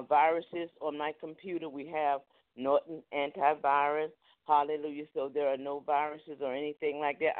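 A man hosts a live ministry program, running through announcements in a loose, chatty way and dropping amens and hallelujahs throughout. His voice sits a little high. The sound is thin and narrow, like a phone line. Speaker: ministry host and preacher.

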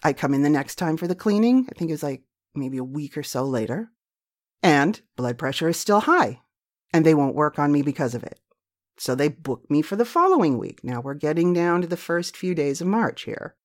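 A woman's voice: deep voice, expressive, moderate pace. A middle-aged woman hosting a show, telling a personal story in a candid, profane, self-mocking way. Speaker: podcast host.

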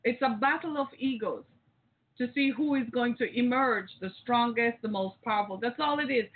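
A woman's voice: a little high, moderate pace. A woman hosting a talk show, delivering a rousing, preachy monologue straight to her listeners. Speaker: host. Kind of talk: impassioned call-in radio monologue. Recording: tinny phone-like audio.

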